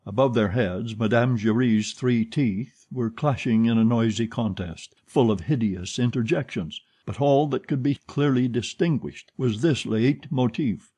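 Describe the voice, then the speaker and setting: A man narrating a classic novel as an audiobook, with a lively, expressive reading. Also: medium pitch, measured pace, hardly any pauses, slightly rough. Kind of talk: scripted narration.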